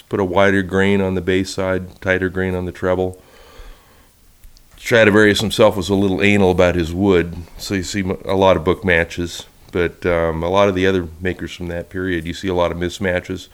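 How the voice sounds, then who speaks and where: Deep-voiced man giving a rambling talk. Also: smooth. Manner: relaxed and rambling, with restarts. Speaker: violin maker giving a talk. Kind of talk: casual slideshow talk.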